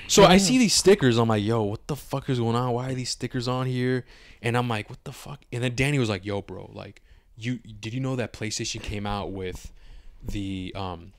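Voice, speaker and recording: Animated, swearing young man telling a story. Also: on the low side, creaky, dry recording. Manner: animated, swears a lot, acts out his own quotes. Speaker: podcast co-host. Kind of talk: casual storytelling chat.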